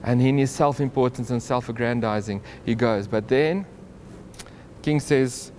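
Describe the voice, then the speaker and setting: A man teaches a Bible story in a relaxed, conversational way. His voice sits at a middle pitch, and he chuckles and restarts his sentences as he goes. Faint background noise runs under his voice. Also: a little slow. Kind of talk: informal Bible story retelling.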